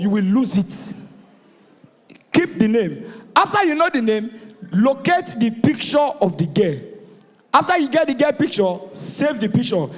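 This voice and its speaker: A man with a Nigerian accent doing a stand-up comedy routine, animated and shouting his punchlines while acting out the voices in his jokes. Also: extremely high pitch. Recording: live venue with long reverb.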